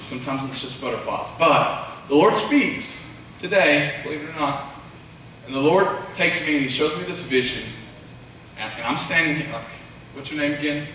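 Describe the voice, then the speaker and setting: A man preaches a revival sermon, telling stories with animated energy and speaking straight to the congregation. His voice is bright and forceful. It comes from some distance away, in a church with a heavy echo. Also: mid-range voice, a little hiss or hum. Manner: animated storytelling, addresses congregation directly. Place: church sanctuary. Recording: very echoey church sound from afar.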